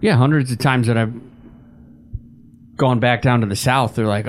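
A man's voice: medium pitch, steady tone, normal speed. A man co-hosting a casual sports podcast, telling stories in a dry, laid-back way and swearing casually. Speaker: podcast producer and co-host.

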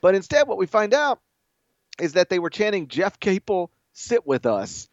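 Sports host, male, animated storyteller, slightly muffled dry studio audio. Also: sits high, moderate pace, no room sound. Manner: animated storytelling, acts out quotes with shouts. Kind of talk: late-night casual sports chat.

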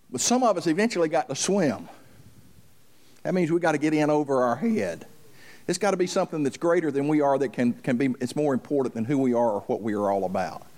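A male pastor preaching a fervent sermon, repeating himself and building up loud as he tells stories. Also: mid-range voice. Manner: fervent, builds up loud while telling a story; repeats himself and restarts for emphasis.

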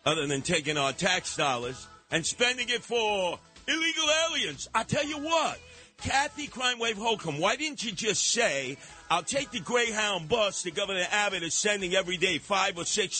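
An older man hosts talk radio, brash and sarcastic, slipping into mocking voices. His voice sits high for a man and rings bright and forceful. Light music plays under him. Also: expressive, normal speed. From New York. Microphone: studio microphone.

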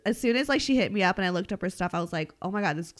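A woman's voice: medium pitch, animated, rapid-fire. A young woman hosting a podcast, chatting frankly and giggling, with lots of filler words. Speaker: podcast host. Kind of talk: casual chat.

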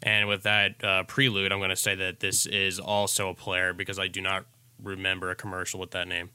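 Brief: Midwestern-accented man, low and flat delivery, bright crisp tone. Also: a little fast, no echo. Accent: Midwestern American. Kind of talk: casual chat.

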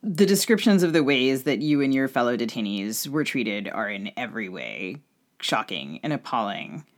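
A podcast co-host asking a guest a thoughtful, measured interview question. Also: medium pitch, big pitch swings.

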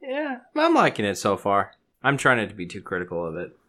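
A man's voice: lowish voice, wildly swooping pitch, fairly quick, sharp tone. A man hosting a podcast in casual chat, laid-back with teasing banter. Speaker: podcast host.

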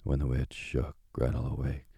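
A man reading a fairy tale aloud as a calm bedtime sleep story, slow and soothing. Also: a bass voice, creaky, breathy edge, no echo, clean studio sound.

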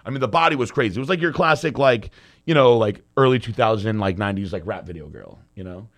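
Male podcast co-host, casual storyteller, crude and lively. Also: lowish voice, fast talker. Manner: loose, profane, animated storytelling.

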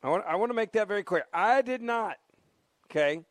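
A man's voice: high voice, animated, fairly quick, no echo. A man hosting a talk radio show, speaking in an emphatic, mocking, repetitive way into a studio microphone.

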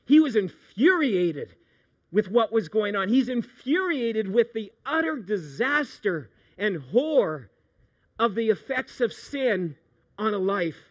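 High-voiced pastor preaching. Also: male voice, takes it slowly, lo-fi sound. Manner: animated, swings from hushed storytelling to loud outbursts. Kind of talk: sermon.

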